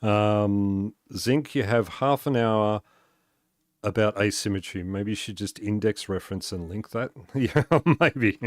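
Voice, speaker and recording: A man's voice: lowish voice, unhurried, no echo. A man chatting casually on a gaming live stream, rambling with many fillers and restarts and chuckling often as he talks. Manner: chuckles often while talking.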